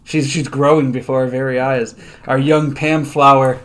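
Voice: mid-range voice, flat delivery, moderate pace. A co-host in a casual podcast chat, joking and riffing with many "like" fillers.

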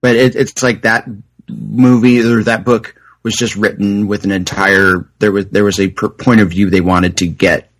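A man's voice: lowish voice, flat delivery, moderate pace, soft background music, poor audio. A man hosting a podcast, chatting casually and rambling with frequent restarts. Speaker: podcast host. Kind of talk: casual chat.

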